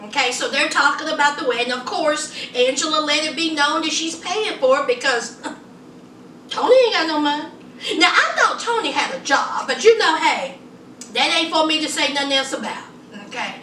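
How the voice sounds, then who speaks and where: Sassy woman vlogger with a high, bright voice, recorded a bit far from the mic in a roomy space. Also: expressive, moderate pace, a little hiss or hum. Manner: sassy, chatty, calls viewers honey and child. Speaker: reality TV reviewer. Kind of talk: casual review commentary. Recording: roomy echo, distant from mic.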